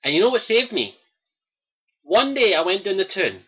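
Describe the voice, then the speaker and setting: A man's voice: high-pitched, big pitch swings, moderate pace, pushed and bright, breathy edge. A young Scottish man, host of a gaming livestream, speaking to viewers in an earnest, impassioned personal monologue and repeating his key phrases.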